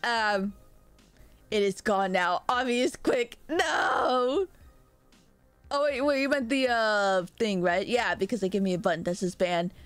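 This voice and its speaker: A young woman from Mexico streaming and chatting loosely with viewers, loud and rambling, often laughing at herself. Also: mid-range voice, expressive, clean tone, no echo, faint music behind. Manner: loud, rambling, self-mocking, quick laughs. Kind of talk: casual live-stream chat with viewers.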